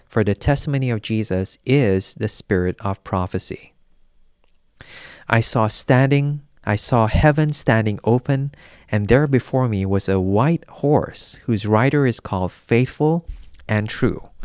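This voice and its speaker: Male scripture reader, deep-ish smooth voice, dry and close, steady solemn pacing. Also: no room sound. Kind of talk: reading scripture aloud.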